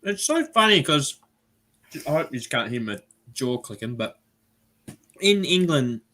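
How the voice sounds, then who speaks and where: A man's voice: medium pitch, unhurried. An Australian man hosting a casual live-stream chat, talking loosely and laughing often. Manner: chatty, laughs often, animated impressions. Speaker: live show host.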